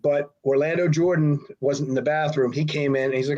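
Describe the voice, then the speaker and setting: On a podcast, a middle-aged ex-wrestler rambles through a long story, doing voices for the people he quotes. He talks fairly quickly in a steady, somewhat high and slightly mellow voice, captured in slightly dull, lo-fi audio.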